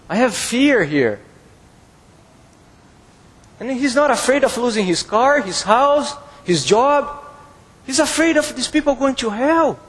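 A man's voice: very high voice, husky. A male pastor preaching a sermon, emphatic and repeating phrases for stress, in a church. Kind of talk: expository sermon. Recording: long hall reverb.

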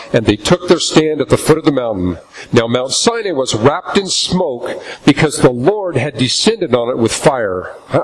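A man preaching a sermon in a church, reading scripture aloud and slowing down for emphasis. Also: mid-range voice, rough recording. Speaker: pastor.

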